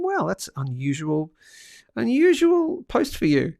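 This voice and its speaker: A man's voice: a little high, moderate pace, vocal fry, no echo, studio quality. A man hosting a casual livestream, joking around and reading out viewer comments. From Australia. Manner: chatty, jokey, reads out viewer comments. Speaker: livestream host.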